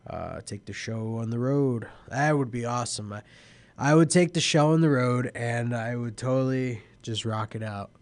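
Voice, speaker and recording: A man's voice: mid-range voice, normal speed, no echo. Tired, rambling young male radio host. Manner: tired and yawning, rambling through news. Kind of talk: casual live internet radio talk.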